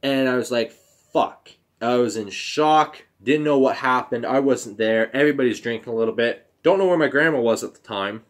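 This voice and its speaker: A young man telling a personal story on his own channel, halting and emotional, with fillers, restarts and casual swearing. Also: medium pitch. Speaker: vlogger.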